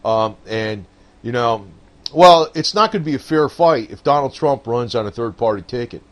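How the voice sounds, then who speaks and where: Man, casual political rant, lively swinging pitch, profane and laughing, loose delivery. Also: normal speed. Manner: rambling, profane, laughs often, frequent "man" and "I don't know". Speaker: political commentator. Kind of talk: casual rambling monologue.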